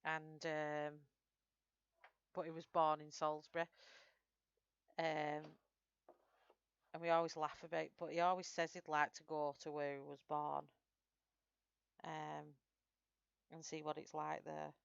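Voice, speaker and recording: A woman's voice: low-pitched, little pitch movement, measured pace, vocal fry, long pauses, clear, resonant tone, dry recording, highs cut off. A woman with a Northern English accent, chatting through a live colouring tutorial and answering viewers' comments as she works. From Northern England. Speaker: streamer.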